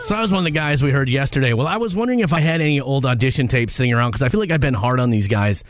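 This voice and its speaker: A man's voice: medium pitch, expressive, very fast, over loud music. A man hosting a radio morning show in a studio, chatting casually and poking fun at himself. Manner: chatty and self-deprecating. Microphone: studio microphone.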